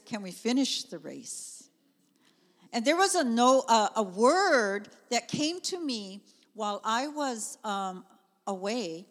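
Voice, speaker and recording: A middle-aged woman, preaching a sermon in a conversational, animated way with chatty asides. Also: a little high. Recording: long reverb of a church hall.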